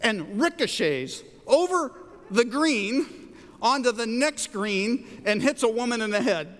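A middle-aged male pastor preaching in a church sanctuary, his voice sitting high for a man. He tells stories in an animated way and climbs up sharply whenever he quotes someone. The sound carries a long, ringing reverb from the hall. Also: measured pace. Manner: animated storyteller, rises high for quoted lines. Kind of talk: sermon with storytelling.

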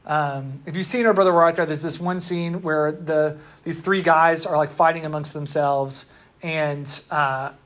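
A man's voice: fairly high pitch, fairly even intonation, measured pace, fairly bright tone. Chatty man preaching a casual sermon. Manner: casual and chatty, with lots of fillers and tag questions. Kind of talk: conversational sermon.

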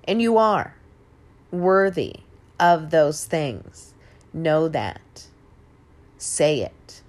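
A woman in her forties speaks slowly and with a lively, swinging pitch, her voice sitting a little low. She gives a motivational talk in an emphatic, casual way, with a curse word here and there. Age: 40s. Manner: emphatic, animated, casual swearing and laughter. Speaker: host. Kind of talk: motivational monologue.

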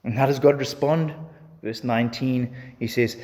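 A man's voice: medium pitch, fairly even intonation, moderate pace, darkish tone. Man preaching in a reverberant hall. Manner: repetitive, building cadence. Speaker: pastor. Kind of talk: sermon with closing prayer.

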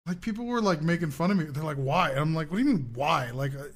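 A man in his thirties co-hosting a casual podcast, an animated storyteller who swears freely and laughs often. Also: fairly high pitch, quick pace. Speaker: podcast co-host.

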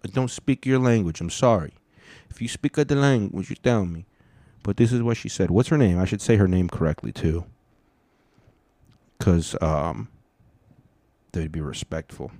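A man with a fairly low voice hosts his own podcast in casual solo commentary. He rambles, swears and restarts his sentences often. The sound is dry and close, with no room echo. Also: expressive, normal speed, long pauses, dark tone. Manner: rambling, profane, many restarts. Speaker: podcast host.

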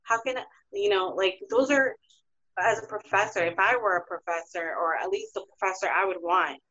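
A woman's voice: medium pitch, normal speed, sharp tone. A young woman speaking as a guest, reflective and hesitant, often searching for her words. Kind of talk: casual conversation. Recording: muffled lo-fi audio.

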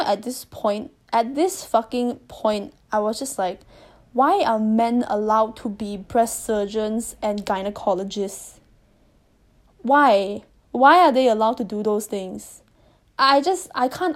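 A woman's voice: fairly high pitch, a little mellow. A young woman from Malaysia telling a personal story in a candid, rambling way, swearing freely, with audible breathing on a close mic. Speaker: vlogger. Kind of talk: casual storytelling monologue.

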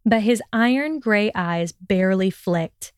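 Female narrator for fiction: steady, expressive, smooth and dry. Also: medium pitch, unhurried, no echo. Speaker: audiobook reader.

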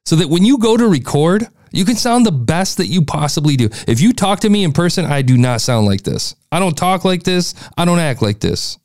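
A man's voice: on the high side, sing-song, brisk, few pauses, a little mellow, dry recording, studio quality. Blunt ranting male podcast host. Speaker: podcast host reviewing listener shows. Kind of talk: blunt critique.

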